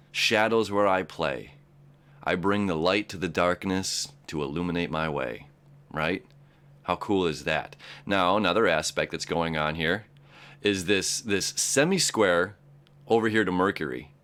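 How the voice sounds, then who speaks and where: A man's voice: sits low, a bit bright. A man hosting a daily astrology talk, earnest and encouraging, who repeats and restarts words and keeps checking in with "right?" and "okay?". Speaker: astrology show host. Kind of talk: casual daily horoscope talk.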